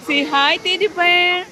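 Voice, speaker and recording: A high-voiced woman talks slowly and playfully, coaxing her little one and laughing between lines. She records on the go in a busy public place, with a crowd murmuring and steady noise all around. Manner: coaxing, talks to a small child in mixed Tagalog and English, laughs often. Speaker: vlogger filming her family. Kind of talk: casual family vlog. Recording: crowded noisy public space.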